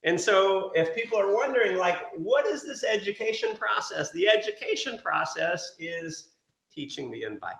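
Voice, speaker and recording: A man giving an energetic sales training talk, telling stories and acting out quotes. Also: high-pitched, normal speed, creaky, echoey room. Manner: energetic storytelling with acted quotes. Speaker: motivational speaker.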